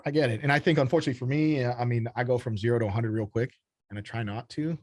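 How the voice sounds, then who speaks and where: A man's voice: mid-range voice, rapid-fire, a little mellow, dry recording. A man from Texas, a company founder, talking bluntly and freely in a casual podcast conversation, swearing often. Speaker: guest, startup founder.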